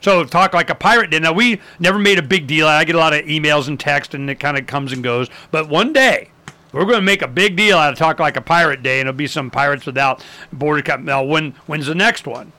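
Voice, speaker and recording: Bright, lively man telling history. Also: on the high side, brisk. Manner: animated storyteller, acts out quotes, many fillers. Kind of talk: casual history talk.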